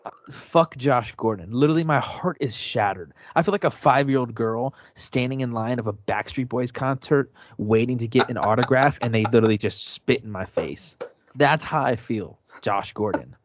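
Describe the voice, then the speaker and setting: Male podcast host, mid-pitched, profane and heated storyteller, dry muffled mic. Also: moderate pace, no room sound. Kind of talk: casual sports podcast rant. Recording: dry, dull lo-fi sound.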